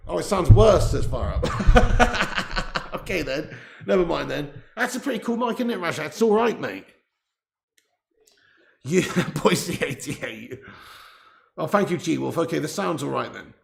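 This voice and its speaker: Gravelly and on the high side, this male stream host sounds animated yet a little slow, pausing often. He's casually hosting a live football watch-along, frequently laughing and reading viewer messages, captured indoors by a far-off laptop mic with high gain in an echoey room.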